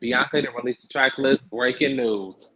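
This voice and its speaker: Sassy, husky-voiced male gossip host. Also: mid-range voice, a little slow. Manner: sassy, animated, slangy storytelling. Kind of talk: casual celebrity gossip talk.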